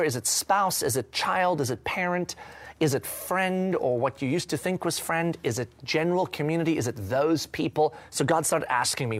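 A man's voice: fairly high pitch, normal speed. Earnest man reflecting on faith. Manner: earnest, searching, many fillers and restarts, drops to a hushed voice at times. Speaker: speaker sharing a devotional reading.

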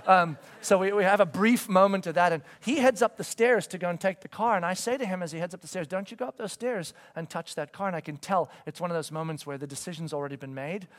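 A man in his forties preaching a sermon, telling a story with stammered restarts and swinging from loud to hushed. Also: high voice, fast, few pauses. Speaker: pastor.

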